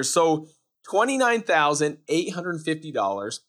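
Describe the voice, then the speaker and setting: A man hosting a podcast interview, energetic and hyping up his guest. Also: on the high side, moderate pace. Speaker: podcast host.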